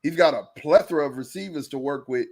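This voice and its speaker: A man co-hosting a sports podcast, talking fast and loose, repeating phrases and jumping in over his partner. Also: on the high side, darkish tone. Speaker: podcast co-host. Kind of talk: casual sports chat.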